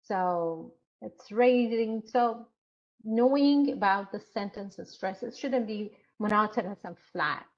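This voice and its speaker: A woman instructor giving an online lecture, explaining slowly with frequent hesitations and fillers. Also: mid-range voice, dull audio.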